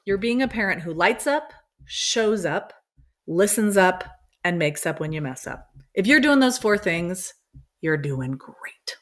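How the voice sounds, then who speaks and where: A woman's voice: mid-range voice, expressive, unhurried. Earnest woman guest explaining. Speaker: guest author. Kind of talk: casual interview chat.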